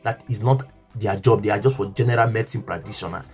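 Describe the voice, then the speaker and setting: A man's voice: lowish voice, fast talker, darkish tone, soft background music. A man with a Nigerian English accent telling an emotional story to his viewers, earnest and repetitive, often asking if they understand.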